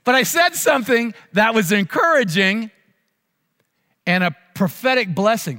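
A male pastor delivers a sermon in a high, bright voice. He tells stories with animation and acts out the voices of people in them. Long reverb from a large hall trails his words. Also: animated, measured pace.

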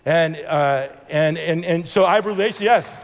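A man's voice: on the high side, a little slow, in a large hall, some chatter behind. A man telling a personal faith testimony as a sermon, earnest and rambling, with many restarts and acted-out dialogue. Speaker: preacher sharing a testimony.

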